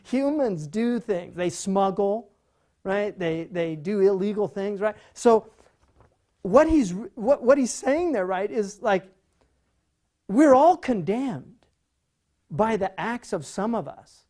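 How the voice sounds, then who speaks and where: A man giving an animated, conversational lecture on poetry, full of rhetorical questions and "right?". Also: sits high, takes it slowly.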